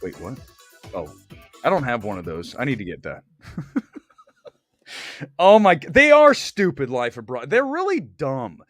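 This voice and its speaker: A man hosting a casual movie live stream, joking loudly and ranting in excitable bursts. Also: medium pitch, measured pace, long pauses, no echo, studio quality, faint music behind. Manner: loud, excitable, jokey rants. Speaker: host. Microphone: desk mic.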